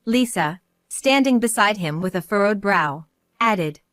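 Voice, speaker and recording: A middle-aged woman reading a first-person story in a calm, measured, resolute way. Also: mid-range voice, dry recording. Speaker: narrator.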